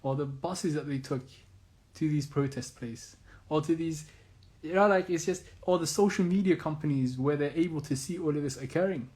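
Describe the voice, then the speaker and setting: A man's voice: a little high, moderate pace, darkish tone. Insistent man firing off rhetorical questions. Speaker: Islamic commentator. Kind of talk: earnest monologue.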